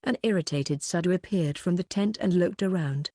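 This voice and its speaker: A woman reads a first-person novel in a measured, even way. Her voice sits on the low side. The sound is close and dry, with no room around it. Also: no room sound. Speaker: audiobook reader.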